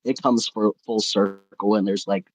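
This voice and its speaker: A man's voice: lowish voice, fairly even intonation, a little slow, no echo, low-quality recording. A man who raps, talking as a podcast guest in a loose, rambling way full of "like". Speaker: guest rapper. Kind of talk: casual interview talk.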